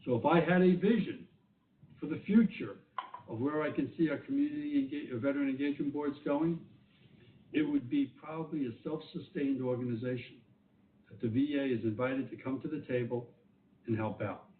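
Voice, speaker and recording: A man's voice: mid-range voice, lively intonation, normal speed. A man with a New York accent giving earnest keynote remarks at a community meeting, repeating phrases for emphasis. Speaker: government director giving keynote. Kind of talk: conference call keynote remarks. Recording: tinny phone line, echoey, far from mic, faint noise.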